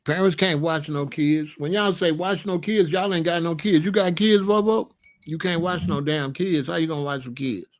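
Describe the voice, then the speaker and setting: A man hosting a comedic monologue, an animated, profane storyteller who laughs often. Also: fairly high pitch, moderate pace. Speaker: podcast host.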